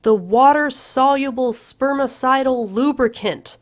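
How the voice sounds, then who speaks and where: A woman voicing a vain, impatient young man who calls back in loud, clipped shouts. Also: fairly low pitch, animated, takes it slowly, gravelly, dry recording, exaggerated voice. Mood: irritated.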